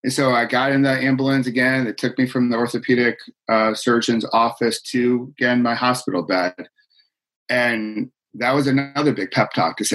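A man's voice: mid-range voice, steady tone, moderate pace, fairly bright tone, rough recording. Middle-aged male guest coach, earnest, heartfelt conversational storyteller, mid-range voice. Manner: earnest, heartfelt, many fillers.

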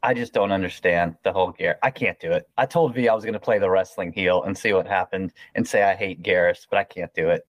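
A man's voice: sits low, fairly even intonation, fast, hardly any pauses, no echo, dull audio. A man joining a casual podcast chat as a guest, hesitant and repeating himself.

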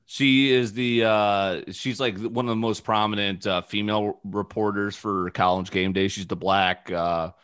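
A man's voice: on the low side, measured pace, few pauses, clear, resonant tone, no echo, clean studio sound. A young man hosting a podcast, telling loose, profane stories in casual chat. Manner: loose, profane, animated storytelling. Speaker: podcast host.

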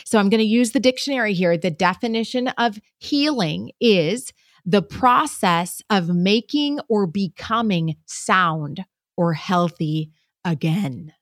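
A woman hosting a podcast, teaching in an earnest monologue full of rhetorical questions and emphatic pauses. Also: mid-range voice, no room sound, studio quality. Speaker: podcast host.

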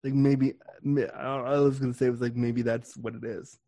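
A man's voice: medium pitch, little pitch movement, brisk, mellow, dry recording. A young adult man hosting a podcast, talking bluntly and crudely in a joking, candid chat. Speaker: podcast host.

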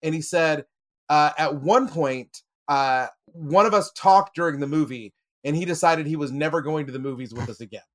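A man's voice: a little high, normal speed. A man on a podcast panel, telling a personal story in casual chat, with many fillers and laughs.

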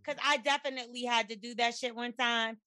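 A woman's voice: a little high, steady tone, brisk, sharp tone. A woman co-hosting a podcast in casual chat, blunt and profane, acting out quoted conversations with animation. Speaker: podcast co-host.

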